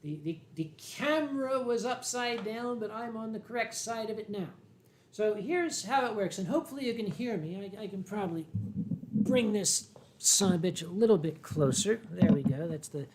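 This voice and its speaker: A man with a Philadelphia accent hosting a casual livestream from home, reading viewer comments in a dry, wry way and often clearing his throat. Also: high-pitched, expressive, moderate pace, a little hiss or hum. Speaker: livestream host. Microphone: desk microphone.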